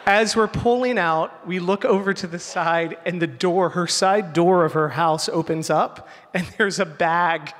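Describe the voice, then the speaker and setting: Bright-voiced man telling a story on stage. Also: high voice. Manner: animated, slows down for punchlines. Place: stage before a live audience. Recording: hall reverb, faint ambience.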